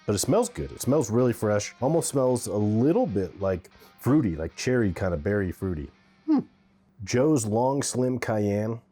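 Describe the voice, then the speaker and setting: A man's voice: fairly low pitch, warm tone. A man giving a casual, candid pepper tasting review, thinking aloud with the odd um.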